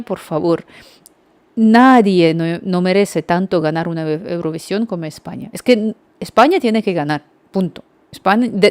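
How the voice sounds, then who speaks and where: A woman's voice: medium pitch, a little mellow, no room sound. A young woman from Ukraine, chatting casually on a livestream in a rambling way and talking straight to her viewers.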